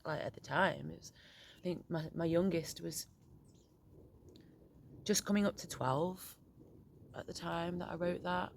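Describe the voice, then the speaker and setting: A middle-aged woman speaking in a candid, reflective monologue, frank and halting, often swearing, with many restarts as a poet and parent. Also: on the low side, gravelly, a little hiss or hum.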